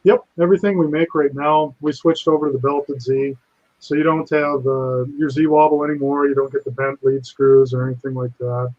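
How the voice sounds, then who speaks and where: A man's voice: mid-range voice, flat delivery, fairly quick, a little mellow. A man appearing as a company chief on a livestream, explaining plainly and matter-of-factly. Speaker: company CEO guest. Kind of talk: casual Q&A on a livestream. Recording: dull remote call audio.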